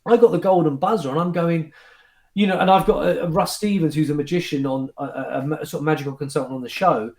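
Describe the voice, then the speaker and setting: A man, a guest magician, chatting casually and telling backstage stories in an animated, restart-heavy way. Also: a little high, quick pace, echoey room. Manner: animated storyteller, restarts and fillers. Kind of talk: casual chat recounting anecdotes.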